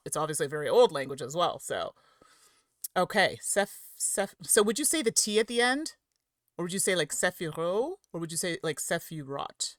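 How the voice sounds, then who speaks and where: Streaming a game live from home, a female host talks with her audience and walks them through the rules, giggling and stumbling over words along the way. Her voice sits in the mid range with a fairly bright tone, captured at studio quality with no echo.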